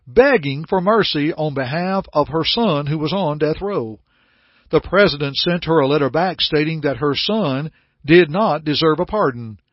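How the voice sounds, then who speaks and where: A man's voice: on the high side, breathy edge, dry recording. A man preaching an earnest radio sermon, building emphasis through repetition. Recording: dull, lo-fi radio broadcast sound.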